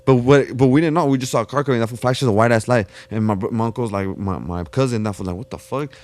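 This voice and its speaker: A man's voice: mid-range voice, fast, darkish tone. A young man, a podcast guest telling a street story in casual, slangy, profane talk full of "fool" and restarts.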